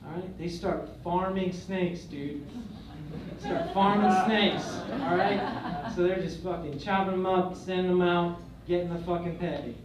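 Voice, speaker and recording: A young male comedian telling crude, swaggering stories in a stand-up set, swinging between loud and quiet. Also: sits high, fairly even intonation, a little slow, noisy background. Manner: crude, swaggering storytelling with big swings in loudness. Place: comedy club stage. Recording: echoey club recording from far off. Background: audience laughter.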